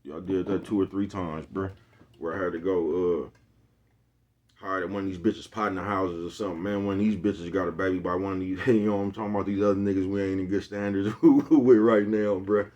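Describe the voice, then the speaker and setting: A middle-aged man with a low, deep voice talks straight to his viewers. His delivery is laid-back and full of street slang. He keeps throwing in asides to his listeners as he goes. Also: steady tone, a little fast, darkish tone, muffled recording. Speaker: vlogger. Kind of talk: casual monologue to viewers.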